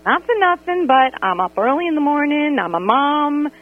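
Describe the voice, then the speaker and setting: A woman on a tinny telephone line tells her story with lively, swooping intonation. She sounds animated and exasperated, and she often slips into quoted dialogue as she goes. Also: sits high, normal speed. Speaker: radio caller. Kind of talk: call-in storytelling about a friend. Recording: tinny phone line on radio.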